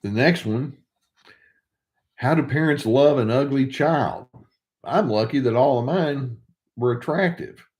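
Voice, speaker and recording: A man's voice: mid-range voice, measured pace, long pauses, a little mellow. Wry older male therapist, conversational. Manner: wry, conversational, thinking aloud. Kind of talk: casual commentary to camera.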